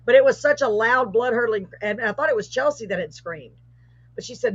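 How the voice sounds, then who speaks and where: A middle-aged woman hosts a live show, telling a ghostly story with growing excitement and an animated voice. Her voice is husky and a little breathy. The sound is muffled and lo-fi, like a live stream. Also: a little high, a little fast, no room sound. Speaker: host. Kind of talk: casual storytelling, paranormal tale.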